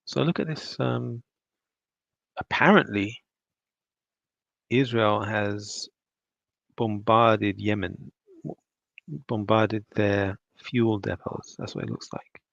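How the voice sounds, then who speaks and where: A man's voice: on the low side, fairly even intonation, takes it slowly, gravelly, pauses often, a bit bright, dry recording. A man teaching and then commenting on news clips in a loose, conversational way, with scornful asides. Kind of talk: casual online commentary. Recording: dull lo-fi dry sound.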